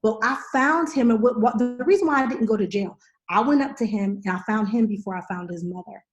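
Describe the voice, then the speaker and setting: Animated woman host telling a story. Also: on the high side, fairly quick, highs cut off, music in the background. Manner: animated storyteller, acting out dialogue. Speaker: podcast host. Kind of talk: casual chat.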